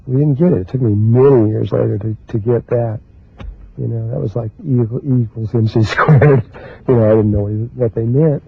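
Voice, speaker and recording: A man giving a spiritual talk in a slow, halting way, pausing often and restarting his sentences. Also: medium pitch, no echo. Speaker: spiritual teacher. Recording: husky, dry, phone-like lo-fi recording.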